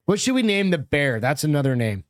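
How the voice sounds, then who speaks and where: Sounding sing-song and on the high side, this man co-hosts a podcast and tells stories briskly in a loose, profane, rambling style. The recording is dry and studio quality.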